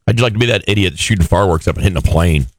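A man's voice: low voice, very fast, no echo. A man hosting a radio show, chatting casually and joking around. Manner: jokey, drops into mock pilot voices. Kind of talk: casual morning show banter.

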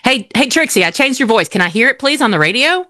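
A playful, giggly woman co-hosting a radio show. Her voice sits a little high and swings widely, recorded dry and close. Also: sing-song, fast, bright, forceful tone, no echo. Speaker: radio co-host. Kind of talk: joking studio banter. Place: radio studio.

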